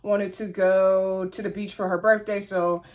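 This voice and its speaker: A woman's voice: mid-range voice, level tone, unhurried, a little mellow. A woman, casually recapping a reality show episode in a chatty, gossipy way. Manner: chatty, gossipy, acts out the cast's lines.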